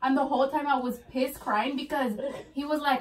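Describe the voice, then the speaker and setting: A woman's voice: high-pitched, level tone, brisk. A young woman bluntly telling friends about a night out, with exasperated swearing. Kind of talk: casual storytelling among friends. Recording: distant mic, heard from far off.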